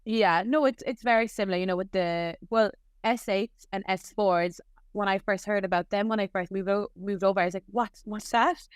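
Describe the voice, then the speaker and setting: A woman's voice: mid-range voice, steady tone, brisk, clear, resonant tone, dry recording, studio quality. A young adult Irish woman, a nurse, chatting casually in an interview with lots of filler words. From Ireland. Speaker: nurse guest.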